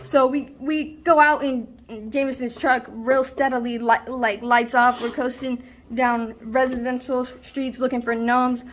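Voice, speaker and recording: A woman's voice: sits high, little pitch movement, unhurried, hardly any pauses, a little hiss or hum. A young woman performing a stage monologue as a rambling, boastful slacker student who tells a wild story with lots of fillers. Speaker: student actor. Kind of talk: stage monologue, self-recorded.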